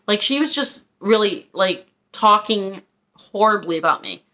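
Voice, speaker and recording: A woman's voice: medium pitch, lively intonation, moderate pace, pushed and bright. A woman tells a long story in a casual vlog. She vents and rambles, with asides, and acts out what people said. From Philadelphia, USA. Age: 50s. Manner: chatty, venting, acts out quotes. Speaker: haul vlogger.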